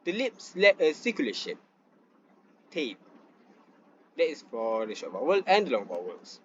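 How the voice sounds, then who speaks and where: Student presenter, young man, reads slides haltingly; dull lo-fi take with faint noise. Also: on the high side, big pitch swings. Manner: reads from slides with frequent fillers and restarts. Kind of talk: class presentation over slides.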